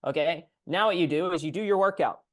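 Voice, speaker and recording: Male PT coach on a call, animated, acts out client lines. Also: a little high, quick pace. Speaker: physical therapist coach.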